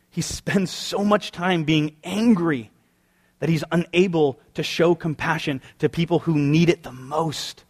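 A man preaching a sermon as pastor, conversational and wry, firing off rhetorical questions. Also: on the high side.

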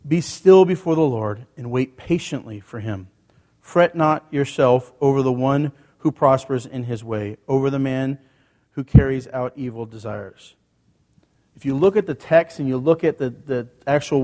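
A man's voice: medium pitch, darkish tone, in a large hall. A male pastor preaching a sermon in a church, talking to the congregation in a conversational way with rhetorical questions. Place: church sanctuary.

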